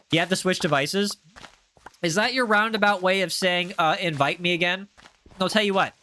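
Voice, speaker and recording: A man live streaming, chatting casually with his viewers, animated and repeating himself as he banters with chat. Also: a little high, a little hiss or hum.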